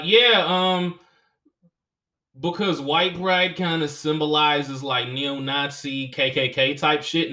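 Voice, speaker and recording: Bright-voiced, profane comedian telling stories. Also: male voice, a little high. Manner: profane, animated, laughing storyteller. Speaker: comedian and podcast host. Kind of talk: casual storytelling chat.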